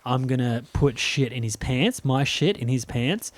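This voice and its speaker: A man's voice: medium pitch, animated, a little slow. A man co-hosting a podcast, telling rambling anecdotes full of restarts and laughter. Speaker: podcast co-host. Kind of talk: casual storytelling chat.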